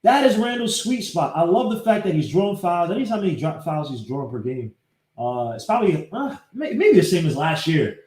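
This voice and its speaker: A man hosting a casual live-streamed sports podcast, breaking down game clips and greeting viewers by name in an animated way. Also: sits high, fairly quick. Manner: talks while fumbling with his computer. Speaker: podcast host. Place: home setup, live streaming. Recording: echoey room.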